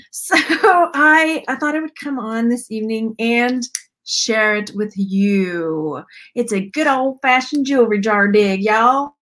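A Southern American woman hosting a live jewelry unboxing stream, chatting in a rambling, friendly way and greeting viewers by name. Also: fairly high pitch. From Texas. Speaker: YouTube host. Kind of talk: casual live-stream chat.

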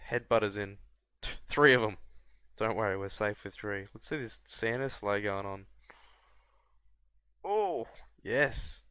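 A man from Australia, casually commentating a strategy game and often breaking into high excited yelps and laughs. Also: no room sound. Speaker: gameplay commentator. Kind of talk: casual let's-play commentary.

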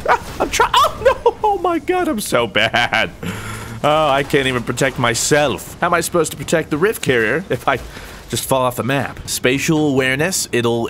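A hoarse young man narrates his match in a goofy, self-mocking way. His pitch leaps around, breaking into excitable yelps. A faint hiss sits underneath. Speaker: gaming YouTuber. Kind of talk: gameplay commentary.

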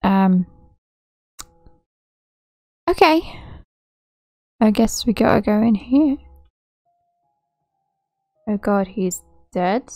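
A woman's voice: medium pitch, slow pace, pauses often, mellow, no echo, clean studio sound, soft background music. A woman hosting a gaming channel, chatting casually and reacting as she plays. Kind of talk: casual gameplay commentary.

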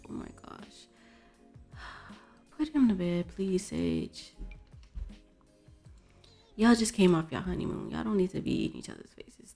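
A woman's voice: mid-range voice, very animated, a little slow, long pauses, dark tone. A woman hosting a casual let's play, chatting and exclaiming at the characters in her game. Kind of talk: casual gameplay commentary. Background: faint background music.

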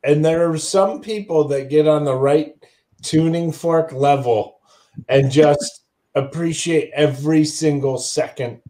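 A man's voice: fairly high pitch, unhurried. A comedian on a podcast gushes and laughs through his stories. His voice sits a little above the usual male range. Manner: effusive, laughing, animated storyteller. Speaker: guest comedian. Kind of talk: casual comedy podcast chat.

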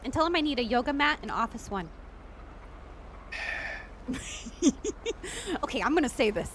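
A woman streaming in character as a doctor in a roleplay game, talking excitedly and gushing, with frequent laughter. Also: on the high side, very fast, slight background noise.

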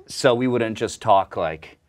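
A young man with a very low voice talks easily through an interview. He tells his stories in a relaxed way and jokes at his own expense. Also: slow pace. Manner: relaxed, joking storyteller. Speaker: actor and guest. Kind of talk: casual interview chat.

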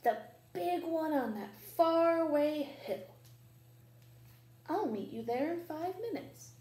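A blunt, unimpressed male lion from a picture book, read aloud by a woman. He hands out dry, matter-of-fact verdicts in a slightly raised, lively voice. The room around him rings with echo and a faint hum. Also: high-pitched, slow pace, voice pushed up. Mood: deadpan. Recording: echoey room, faint ambience.

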